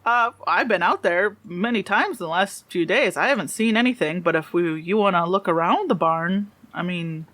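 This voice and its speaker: A woman's voice: fairly low pitch, moderate pace, hardly any pauses, a bit bright, no room sound, lightly acted. Woman playing folksy furry alien farm dad, easygoing, rambling.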